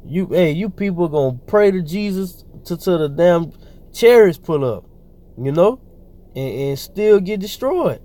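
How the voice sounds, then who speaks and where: Higher-pitched man preaching loosely. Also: expressive, a little slow, mellow. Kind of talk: informal scripture teaching.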